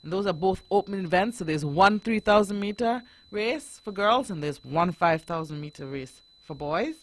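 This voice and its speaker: A woman's voice: lowish voice, lively intonation, moderate pace. A woman hosting a radio talk show, earnestly urging parents to act. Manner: earnest, exhorting parents directly. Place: radio studio.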